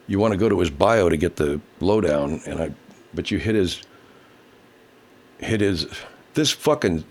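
A man's deep, fairly bright voice carries a casual livestream where he reads out viewer comments, swears constantly, and rants furiously. In between, he talks baby talk to his cat.

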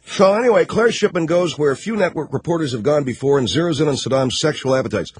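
Male talk radio host, sarcastic, mocking, husky voice, dry close sound. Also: on the high side, lively intonation, fast talker, few pauses, dry recording. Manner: sarcastic, mocking, riffing off news stories.

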